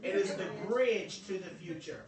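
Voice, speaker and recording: Speaking at a moderate pace with a high-sitting voice, a man gives a live talk while a crowd can be heard in the background. He teaches like a preacher, animated and full of jokes, as a motivational speaker in an event room. It was captured from a distance in an echoey space, with some noise.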